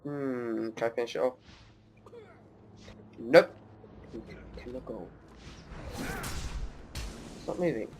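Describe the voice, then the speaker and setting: A man's voice: mid-range voice, slow, pauses often, slight background noise. Chatty young gamer guy. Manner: chatty, laughs and taunts while playing. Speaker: gameplay commentator. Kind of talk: casual gameplay commentary.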